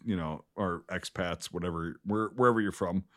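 A man's voice: sits low, moderate pace. An American man co-hosting a podcast in casual chat, blunt and laid-back, swearing freely. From United States. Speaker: podcast co-host.

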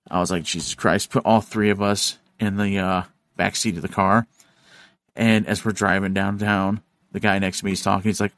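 A man hosting a podcast, telling a story in casual chat, animated and profane, acting out the voices of the people in it. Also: fairly low pitch, brisk, no echo, studio quality. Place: studio.

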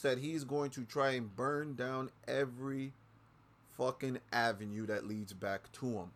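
Hosting his own show, this man lets loose a furious, profanity-laden rant about politics and repeats phrases for emphasis. His tone stays steady and his pace measured, though his volume lurches from quiet grumbling to loud eruptions.

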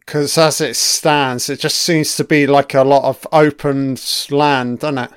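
A man's voice: mid-range voice, level tone, a little slow, clean tone, dry recording, clean studio sound. A man giving a casual commentary on a TV episode, chatty and swearing freely, laughing along as he watches.

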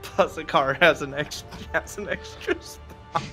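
A man in a tabletop game chats casually, in a laid-back manner that slips into laughter. His voice sits mid-range. Soft music plays quietly underneath. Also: on the high side, a little slow. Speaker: player.

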